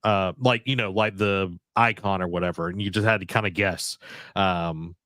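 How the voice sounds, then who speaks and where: A man's voice: low-pitched, fairly even intonation, normal speed, bright, forceful tone, no echo. Rambling man on a dry close mic. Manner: rambling, many fillers and restarts. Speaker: podcast co-host. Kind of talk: casual chat about video games.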